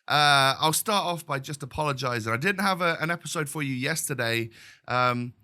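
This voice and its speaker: Young man with a cold, gaming host, rambling casual delivery, bright forward tone. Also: fairly high pitch, lively intonation, moderate pace. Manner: chatty, rambling, many fillers. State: blocked-up with a summer cold. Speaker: gaming YouTuber. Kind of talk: casual video intro chat.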